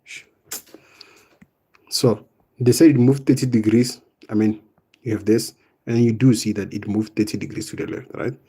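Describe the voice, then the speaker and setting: A young man teaching math in a live online exam revision lesson, casual and step by step, often tagging on "right?" and "boom". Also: steady tone, moderate pace, pauses often, dark tone, breathy edge. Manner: explains step by step, coaxing students.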